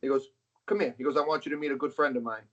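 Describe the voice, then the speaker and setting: A middle-aged arm wrestler guests on an interview, telling stories casually and bluntly while swearing freely. His mid-range voice is rapid-fire with fairly even intonation, and the dull, lo-fi recording carries heavy background noise.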